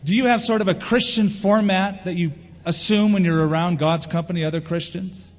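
A male pastor preaching a sermon in an animated way, acting out quoted voices. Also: sits high, moderate pace. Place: church sanctuary. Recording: dull lo-fi sound with long hall reverb.

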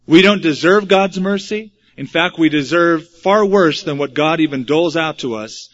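A pastor preaching an expository sermon and reading scripture, with wry asides. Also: male voice, on the high side, expressive, moderate pace. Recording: dull lo-fi recording.

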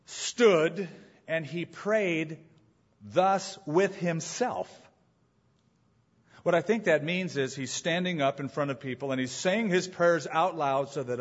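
A man preaching a sermon as pastor, emphatic, repeating his main points and asking rhetorical questions, on a dull lo-fi recording. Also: fairly high pitch.

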